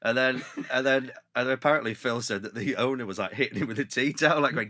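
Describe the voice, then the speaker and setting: A man, a comedian, casually telling an animated, laughing anecdote. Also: mid-range voice, quick pace, few pauses. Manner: animated storytelling with laughter and shouted impressions. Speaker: comedian guest.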